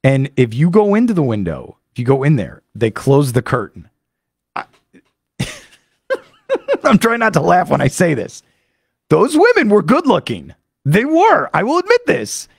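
A man hosting a sports radio show, telling a rambling, excitable story full of fillers into a studio microphone. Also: a little high, normal speed, vocal fry, long pauses, slightly rough, dry recording. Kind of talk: animated monologue recapping a trip.

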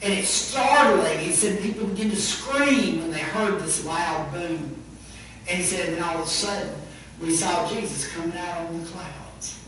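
A high-voiced man preaching an earnest sermon. He is heard from a distance in a very echoey church sanctuary, with faint noise underneath. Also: normal speed, a bit bright. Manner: retells a story with much quoting, earnest. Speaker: pastor.

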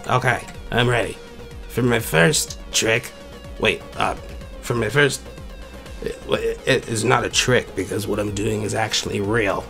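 A forgetful, bumbling wizard rambles on, boasting of his real magic while losing his thread, as a man puts him on. His voice sits lower and rougher, with a gravelly edge. Faint music plays behind him. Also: steady tone, measured pace, fairly bright tone. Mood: muddled. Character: forgetful, bumbling old male wizard animal. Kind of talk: comedy skit voice acting.

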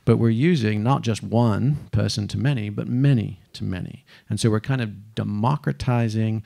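Gravelly man giving an animated talk. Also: lowish voice, normal speed. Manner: animated, swearing, acts out quotes. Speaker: speaker. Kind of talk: lively stage talk.

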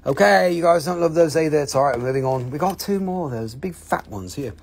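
A husky, slightly breathy voice at an ordinary middle pitch, belonging to a seller on a live sales stream. The talk is loose and jokey, swearing freely and rambling between prices. It is casual, unscripted patter. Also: a little fast.

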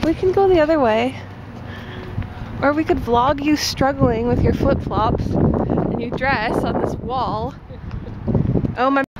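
A woman's voice: sits high, slow pace, long pauses. A woman vlogging casually and joking while she walks down a street, recorded on a handheld camera. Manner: chatty and joking. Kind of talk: casual vlog chat. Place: outdoors on a town street, walking. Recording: loud street traffic noise.

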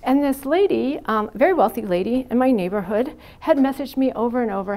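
In a university classroom, a middle-aged psychiatric nurse gives a frank, chatty lecture packed with anecdotes and "you know" fillers. Her voice is fairly high, expressive, fairly quick, and warm.

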